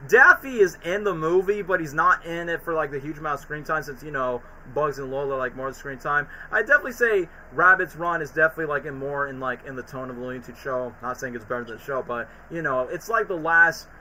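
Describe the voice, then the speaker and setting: A man's voice: on the high side, fast talker, few pauses, pushed and bright, slight background noise, poor audio. A man in casual chat on a stream, recapping cartoon episodes in a rambling way with lots of fillers.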